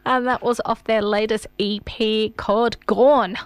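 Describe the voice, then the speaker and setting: A woman's voice: fairly high pitch, fairly even intonation, unhurried, clear, resonant tone, no room sound. A woman co-hosting a radio show, enthusiastic and giggly in casual banter.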